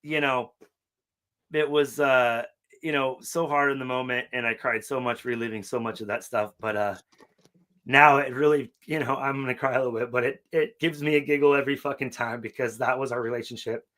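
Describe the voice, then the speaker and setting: A middle-aged man on a podcast, talking casually and emotionally, swearing often and acting out quotes loudly. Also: mid-range voice, fairly even intonation, brisk. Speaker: podcast co-host.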